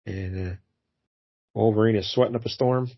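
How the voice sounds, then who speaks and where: A man's voice: lowish voice, moderate pace, highs cut off. A man hosting a casual comic book review, talking in a rambling way with many fillers and restarts. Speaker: podcast host.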